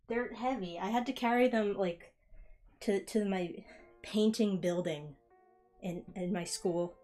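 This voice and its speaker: Young woman streamer rambling while she cleans her bedroom, laughing at herself a lot, soft music under her. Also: medium pitch, a little slow. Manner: rambling and self-mocking, laughs often. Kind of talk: casual chat while cleaning.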